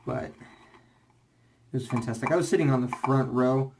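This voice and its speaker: A man's voice: medium pitch, normal speed, background noise. Young man, casual vlog rambling, slightly out of breath, lots of fillers. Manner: rambling, many fillers and restarts. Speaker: shaving vlogger.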